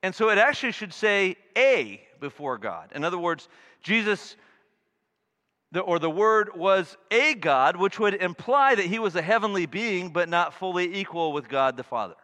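A middle-aged male pastor preaching a sermon, earnest, shifting from loud emphasis to quiet asides. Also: high voice, animated, normal speed. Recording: long reverb of a large hall.

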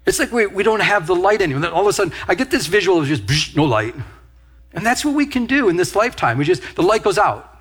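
Husky-voiced pastor preaching a sermon. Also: male voice, sits high, very animated, fast, fairly bright tone. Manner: storytelling with quoted asides and laughter.

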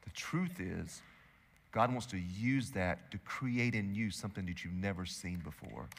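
A male pastor preaching a sermon, swinging between loud emphatic bursts and hushed, intimate stretches. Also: low voice, normal speed, big-room sound, slight background noise. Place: church hall.

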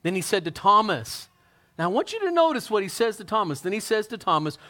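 A man preaching a sermon as pastor, telling the story in an animated, conversational way and acting out the scenes. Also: sits high, fast.

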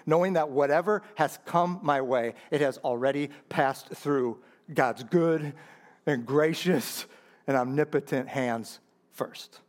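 A man preaching a sermon as pastor. He drops to low, earnest asides, then climbs to loud, high emphatic peaks, repeating phrases for emphasis and calling out to the congregation.

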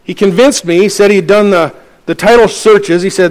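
A man's voice: high voice, steady tone, fairly quick. A middle-aged man, a pastor telling a personal story from the pulpit in a sermon and acting out the dialogue.

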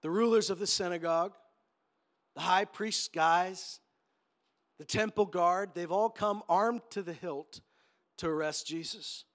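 High-voiced guy preaching, super animated, does little voices for the quotes and cracks jokes. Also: measured pace, long pauses. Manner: animated, acts out quotes, joking asides. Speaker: pastor. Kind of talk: sermon.

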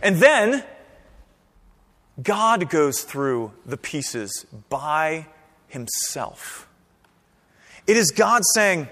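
A pastor preaching a sermon in a conversational, animated way, often checking in with the congregation. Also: male voice, fairly high pitch, drawn-out words, pauses often, long reverb tail. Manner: conversational, animated preaching with frequent "right?" and "okay?".

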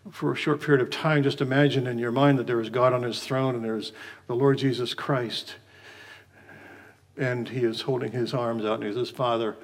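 男性牧師、やや高めの声で説教. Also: male voice, on the high side. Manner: measured preaching, slows for scripture readings. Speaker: pastor. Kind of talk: sermon.

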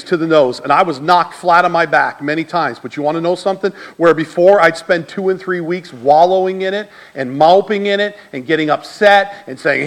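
Middle-aged male pastor, sermon delivery, fairly high voice, swings from hushed lows to loud peaks. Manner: animated preaching, swinging from low and quiet to loud high shouts.

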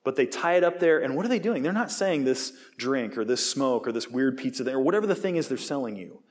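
A man in his forties delivers a sermon in an animated, storytelling way. He jokes, acts out quoted voices, and sometimes drops to a hush to voice what temptation promises. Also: medium pitch, fairly quick. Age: 40s. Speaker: preacher.

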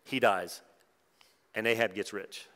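A man's voice: fairly low pitch, steady tone, unhurried, fairly bright tone. A middle-aged man preaching at a conference in a conversational way, with wry asides. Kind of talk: conference sermon. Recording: long hall reverb.

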